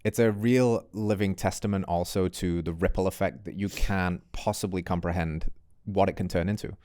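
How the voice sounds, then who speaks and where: Low-voiced male podcast host. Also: fairly even intonation, normal speed, darkish tone, no room sound, studio quality. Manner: enthusiastic, asks long probing questions. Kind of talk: casual interview.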